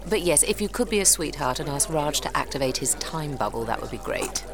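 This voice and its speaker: A teasing, flirty agency chief. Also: female voice, low voice, animated, a little fast, creaky, crowd noise. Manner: teasing, purring, playfully commanding. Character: breezy, flirtatious woman secret-agency chief. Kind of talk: audio drama acting. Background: music score.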